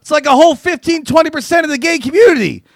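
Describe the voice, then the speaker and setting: A man performing a crude, profane stand-up comedy routine, riffing and acting out quotes with loud, punchy bursts. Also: very high voice, lively intonation, fast talker, no room sound, studio quality.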